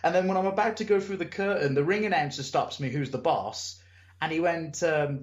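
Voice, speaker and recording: A man, a wrestler telling stories in a casual interview, animated and acting out voices, swearing now and then. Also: a little high, a little fast. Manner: animated storyteller, acts out crowd and promoter. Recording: echoey room, muffled lo-fi sound.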